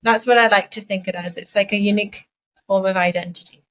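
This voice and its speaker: A woman co-hosts a podcast in relaxed conversation. She talks her thoughts through as she goes, in a musing, reflective manner. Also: medium pitch, fast talker, rough recording. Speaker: podcast co-host. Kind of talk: casual chat.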